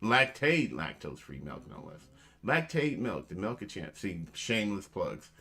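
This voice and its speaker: A man's voice: on the low side, sing-song, moderate pace, sharp tone. Playful joking man hosting a show. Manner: playful, joking, motivational, calls listeners family. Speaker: host. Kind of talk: casual show chat.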